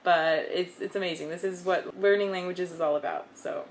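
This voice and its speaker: A young woman from the United States chatting casually in a vlog, bubbly and excitable. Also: fairly low pitch, normal speed, slight background noise. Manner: bubbly and excitable, with frequent laughs. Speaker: vlogger.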